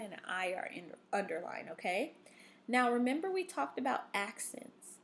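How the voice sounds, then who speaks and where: A woman's voice: fairly high pitch, very animated, normal speed, creaky, a little hiss or hum. A woman teaching a reading lesson to young students, giving patient instructions full of fillers and "okay?" checks.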